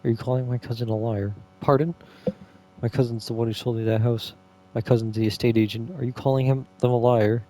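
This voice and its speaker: A man's voice: mid-range voice, steady tone, brisk, mellow, close to an everyday voice. A man reading aloud the lines of a curt, hostile man who brushes off a neighbour in a game. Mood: dismissive.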